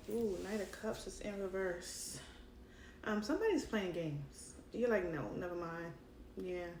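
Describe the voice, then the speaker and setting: A woman's voice: medium pitch, a little mellow, echoey room, distant mic, a little hiss or hum. A woman with a Brooklyn accent, giving a chatty tarot reading into her cell phone with many fillers and laughs. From Brooklyn, New York. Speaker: tarot reader.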